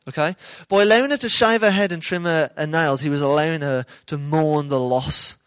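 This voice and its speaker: Informal and conversational, this man's Bible teaching is full of check-ins with his audience. His voice is on the high side and a bit bright, with a clear, resonant tone.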